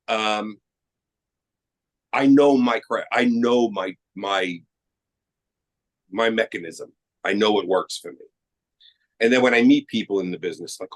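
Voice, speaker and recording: On a rough recording, a middle-aged actor from Queens chats informally as a podcast guest, his voice on the low side. He's an animated storyteller who plays out the quoted lines in his tales.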